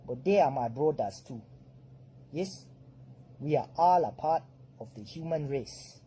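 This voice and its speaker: A man with a Jamaican accent speaking straight to camera in a relaxed monologue, drifting into patois phrasing. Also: on the high side, breathy edge, low-quality recording. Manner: slow, easygoing, drifts into patois.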